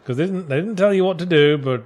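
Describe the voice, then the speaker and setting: A man's voice: sits high, fast talker, darkish tone. A man hosting a casual gaming podcast, chatting dryly with mocking asides and reading out viewer questions.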